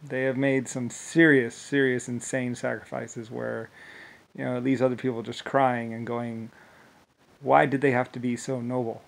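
Rambling man, restless and halting. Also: mid-range voice, flat delivery, gravelly, rough recording. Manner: rambling, many restarts, bursts of laughter. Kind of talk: rambling monologue.

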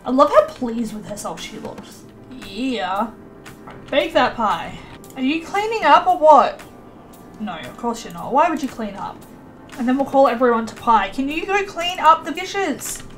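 Woman, young adult, high voice, casual game commentary, faint background music. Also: sing-song, a little slow. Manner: chatty, bossy toward game characters, laughs often. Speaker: let's play gamer.

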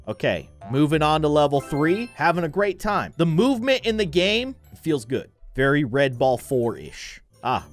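A man's voice: medium pitch, a little slow, soft background music. A man hosting a gaming video, giving playful, joking commentary as he plays. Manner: animated, joking, mock-annoyed.

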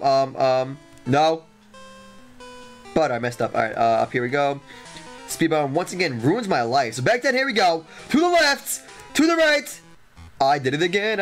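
A man giving excitable, jokey gameplay commentary as a let's play host, exclaiming and repeating himself, with faint guitar music behind. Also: mid-range voice.

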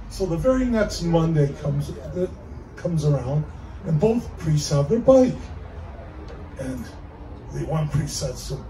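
A man's voice: fairly high pitch, lively intonation, normal speed, warm tone. A man telling old corny jokes as a comedian, chuckling at his own punchlines. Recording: echoey room from far off, faint background noise.

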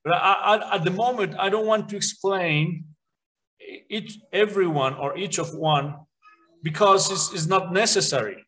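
A man whose first language is Spanish, teaching English to children with a British-leaning accent, reading out word lists clearly and often restarting his sentences. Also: sits high, a little slow, fairly bright tone, rough recording. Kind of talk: beginner English lesson for children.

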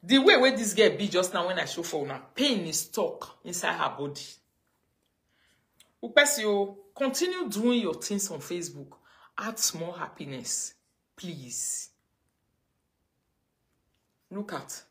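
A Nigerian woman ranting on a livestream, mocking and scolding, her voice swinging between loud outbursts and low mutters. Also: big pitch swings, normal speed. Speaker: livestream host. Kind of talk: casual livestream rant.

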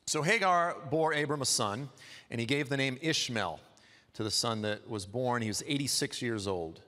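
A man's voice: mid-range voice, fairly bright tone. Guy preaching a sermon, chatty and jokey, long reverb from the church hall. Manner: conversational, humorous storytelling. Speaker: guest preacher.

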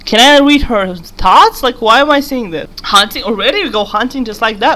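A woman's voice: a little high, lively intonation, normal speed, sharp tone. A young woman giving casual, giggly commentary while playing a game, rambling and talking to the character on screen. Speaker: gaming YouTuber.

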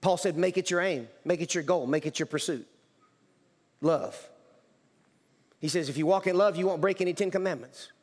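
Preaching in a church sanctuary, this pastor speaks at normal speed in a high voice, leaving long pauses. His sermon is emphatic, full of repetitions and restarts, and the hall gives the recording reverb.

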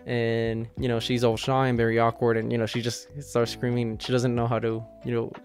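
A man's voice: mid-range voice, completely flat delivery, fairly quick, faint music behind. A man casually reviewing a manga chapter, enthusiastic and rambling, filling his talk with "you know" and "like".

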